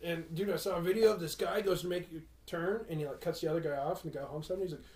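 Fast-talking rowdy young man, echoey room. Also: on the high side. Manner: rowdy, swears a lot, acts out quotes loudly. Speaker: podcast co-host. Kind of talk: casual chat.

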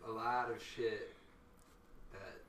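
A man's voice: lowish voice, fairly even intonation, slow, fairly bright tone, echoey room, distant mic, low-quality recording. A man who does stand-up, co-hosting a podcast in loose, profane banter and laughing often. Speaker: podcast co-host, stand-up comic.

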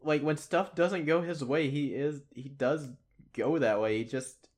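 A man's voice: on the high side, unhurried. A man co-hosting a casual podcast chat, laughing often, restarting his sentences and acting out quotes. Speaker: podcast co-host.

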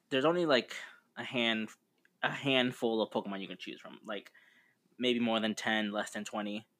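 A man's voice: on the low side, fairly bright tone. A man co-hosting a podcast, chatting casually in a rambling, laid-back way with frequent fillers. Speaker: podcast co-host. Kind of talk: casual chat.

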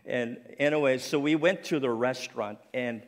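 A man's voice: medium pitch, normal speed. A middle-aged man from Cape Breton Island preaching an earnest, personal sermon, his speech faintly French-sounding after a stroke, with some restarts. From Cape Breton Island, Canada. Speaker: ministry speaker. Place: church sanctuary. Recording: long reverb of a large church.

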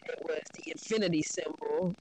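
A woman's voice: low voice, moderate pace, darkish tone, slight background noise, rough recording. A woman candidly telling her spiritual story in a frank, profane, reflective way, with many fillers.

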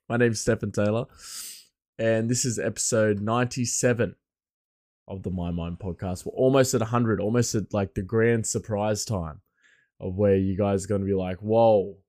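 A man hosting his podcast alone, rambling loosely and chuckling, his voice a bit hoarse. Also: lowish voice, darkish tone, no room sound, studio quality. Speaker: podcast host. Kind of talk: casual podcast monologue.

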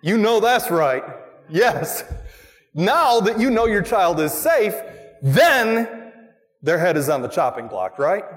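A man preaching a sermon as a pastor, animated, asking the congregation questions and acting out quoted voices. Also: high-pitched, takes it slowly, big-room sound. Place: church.

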